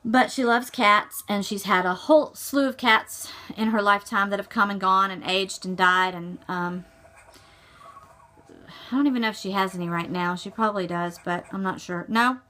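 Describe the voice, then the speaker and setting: A woman's voice: medium pitch, normal speed, sharp tone. A middle-aged woman, chatting casually on her cross-stitch vlog and often rambling and correcting herself. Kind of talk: casual chat.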